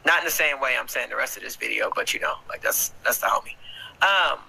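A man's voice: mid-range voice, fast, gravelly, bright, forceful tone, low-quality recording. A man hosting a casual livestream, joking around crudely and swearing freely. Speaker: livestream host. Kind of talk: casual chat.

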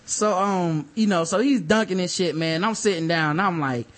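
A podcast co-host with a high-pitched voice tells a story in casual conversation at a normal speed. He's animated, laughs a lot, and swears freely.

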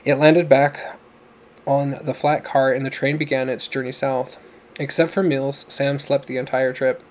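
A man reading a novel aloud as narrator, in a steady, even storytelling manner. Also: medium pitch, a little slow, slight background noise, poor audio. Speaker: audiobook narrator.

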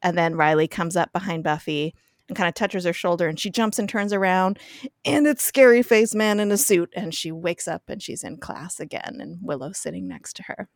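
A woman recapping a TV episode as a podcast guest, chatty and quick to laugh. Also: on the low side, vocal fry, dry recording, studio quality. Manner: giggly, chatty storytelling with frequent laughs. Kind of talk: casual chat.

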